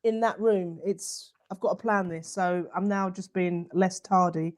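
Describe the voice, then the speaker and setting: A woman's voice: on the low side, fairly even intonation, unhurried, darkish tone. A woman co-hosting a comedy podcast, chatting casually and bluntly, laughing often and restarting her sentences. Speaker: podcast co-host.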